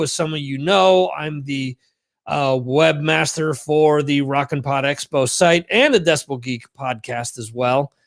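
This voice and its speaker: With a fairly high, creaky voice, a man runs a livestream and talks through a casual monologue. He's chatty and rambling, and he swears freely.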